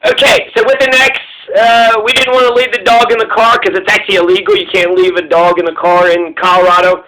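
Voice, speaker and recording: A man's voice: sits high, little pitch movement, fairly quick, bright, forceful tone, a little hiss or hum, low-quality recording. A man telling meandering, profane personal stories and acting out the voices of other people. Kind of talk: rambling personal storytelling.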